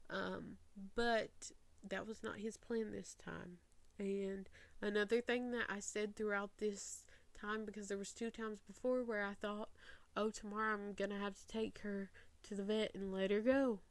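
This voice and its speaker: A woman in her twenties speaking slowly and earnestly to camera, her voice close to breaking as she holds back tears. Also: medium pitch, little pitch movement, dry recording. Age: 20s. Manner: slow, earnest, voice near breaking. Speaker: faith podcast host. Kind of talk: personal reflective talk to camera. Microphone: facing camera.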